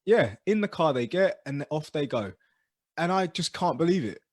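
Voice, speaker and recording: A man telling stories as co-host of a casual podcast chat, animated and dropping low and quiet for asides. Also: normal speed, no echo, clean studio sound.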